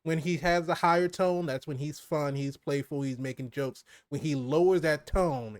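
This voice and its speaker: Male podcast co-host, slightly high voice, dry close-mic sound, lively and laughing, drops low to make a point. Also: normal speed, few pauses, dry recording. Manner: animated, laughs often, drops low for emphasis. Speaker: movie review co-host. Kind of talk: casual movie review chat.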